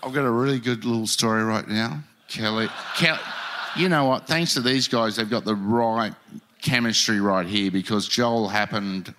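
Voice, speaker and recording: A man's voice: fairly low pitch, moderate pace, bright, forceful tone. A man telling surfing stories in casual chat, heated and swearing. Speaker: podcast guest, former pro surfer.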